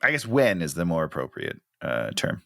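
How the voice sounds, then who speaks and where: Wry, animated man with a bright voice. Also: sits low, gravelly, no room sound, clean studio sound. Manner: joking and wry, quick to laugh. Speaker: podcast co-host. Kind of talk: casual movie recap chat.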